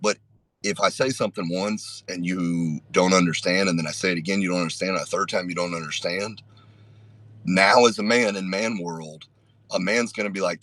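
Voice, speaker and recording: A middle-aged man telling a story in a blunt, unhurried way with frequent profanity, on a podcast. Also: deep voice, a bit bright, no echo. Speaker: podcast host. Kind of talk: casual storytelling.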